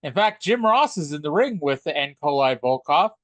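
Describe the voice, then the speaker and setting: A man's voice: fairly high pitch, very animated, normal speed, no room sound. A man co-hosting a podcast, joking and rambling in casual chat. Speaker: podcast co-host.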